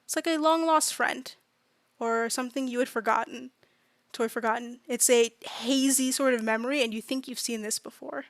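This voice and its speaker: A woman's voice: on the high side, fairly even intonation, a little fast. A woman game master casually narrating a tabletop game, with many fillers in her descriptions.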